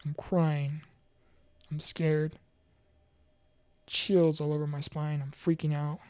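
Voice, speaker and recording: A woman giving an earnest, heartfelt personal testimony about mental health and faith, halting now and then with fillers and restarts. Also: low-pitched, little pitch movement, mellow, smooth, no echo, clean studio sound. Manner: preachy, faith-focused encouragement. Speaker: motivational speaker.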